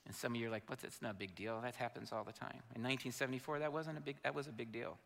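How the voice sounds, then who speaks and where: A man's voice: medium pitch, fairly even intonation, racing, gravelly, a bit bright. A man in his fifties, a pastor telling an emotional personal story in a sermon. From Indiana, USA. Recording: long hall reverb.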